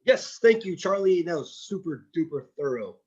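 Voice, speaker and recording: Brisk man evaluating a meeting. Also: fairly high pitch, lively intonation, darkish tone, breathy edge. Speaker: general evaluator at an online club meeting. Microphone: video call. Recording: dull lo-fi video call audio.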